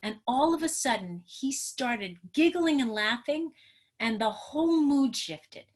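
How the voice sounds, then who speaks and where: Expressive woman teaching parents. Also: high voice, a little slow. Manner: emotional and animated, acting out what a parent says to a child. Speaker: trauma specialist presenting a parenting webinar.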